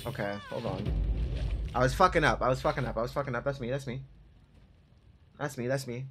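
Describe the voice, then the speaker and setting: A man commenting on his own gameplay as a streamer, frustrated and cursing at enemies while he plays. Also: mid-range voice. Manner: frustrated, swearing, talking to the game. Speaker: gaming streamer. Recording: game music loud behind voice. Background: game music.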